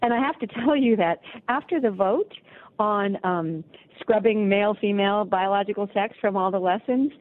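A woman's voice: mid-range voice, moderate pace, dry recording. A woman guest on a radio talk show, speaking emphatically and indignantly by phone. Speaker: guest, policy fellow. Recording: tinny phone line.

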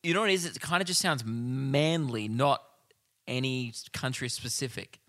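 A man's voice: mid-range voice, moderate pace, fairly bright tone. A man co-hosting a comedy podcast, musing aloud and asking offhand questions. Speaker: podcast co-host. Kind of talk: casual comedy podcast chat.

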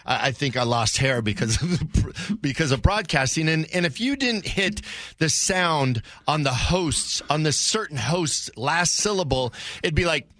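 Man, sports radio co-host, bright forceful voice, dry studio sound, self-deprecating storytelling. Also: on the high side, lively intonation, moderate pace, no room sound. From United States. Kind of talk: casual sports radio banter.

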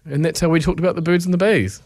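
A man's voice: on the high side, fast, no echo. A man in his thirties, a podcast co-host telling a funny family story and acting out the voices. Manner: animated, acts out voices in his anecdotes. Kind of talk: casual storytelling chat.

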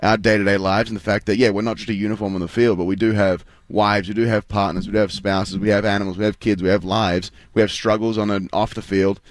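A man's voice: lowish voice, flat delivery, fast, few pauses, no echo. A man in his thirties with an Australian accent, chatting easily as a radio guest with lots of fillers and restarts. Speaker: guest, pro baseball pitcher. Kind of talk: casual radio interview. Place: live broadcast at a spring training ballpark.

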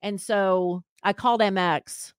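A podcast co-host tells a story in casual chat, animated and acting out the voices of those she quotes. Her mid-range voice has a clean tone and moves a little slowly, in a dry, clean studio recording.

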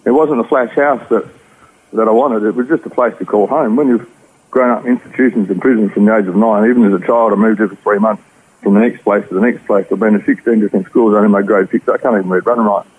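An Australian man tells his story at a rapid clip, his low voice husky and rough. He talks in slang and plain words. The sound is thin and tinny, as over a phone line. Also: fairly even intonation. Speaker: interview guest. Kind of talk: personal testimony.

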